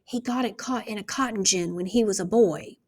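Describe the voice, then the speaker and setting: A woman's voice: medium pitch, a little fast, a little mellow, breathy edge, voice pushed up, natural voice. A woman reading aloud, voicing an older male preacher whispering an aside. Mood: hushed. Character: older male country preacher, hushed and kind.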